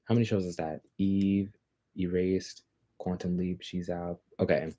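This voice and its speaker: A man with a fairly low voice chats casually on a livestream. He rambles from topic to topic and fills pauses with ums and likes. He speaks straight to his viewers. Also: level tone, warm tone. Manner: rambling, filler-heavy, chatty. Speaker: livestream host.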